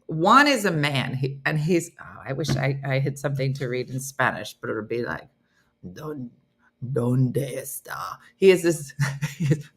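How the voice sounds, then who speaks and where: A middle-aged woman hosting a morning comedy show, chatting casually and telling animated funny stories. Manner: animated storytelling, mimics voices in low growls.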